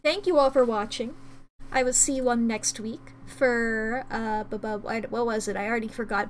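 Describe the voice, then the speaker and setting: A woman's voice: a little high, fairly even intonation, normal speed, slight background noise. A woman streamer chatting casually with her viewers, rambling, giggling and humming to herself.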